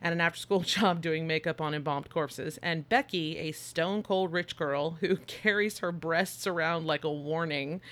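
A woman's voice: deep voice, moderate pace, few pauses, a bit bright. Podcast co-host, woman, chatty and loose, laughs and swears a lot. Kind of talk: casual chat.

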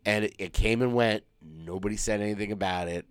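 A man co-hosting a podcast, talking casually and profanely in a rambling way, often slipping into quick mimicked quotes. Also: fairly low pitch, clear, resonant tone, no room sound, studio quality. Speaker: podcast co-host. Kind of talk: casual chat.

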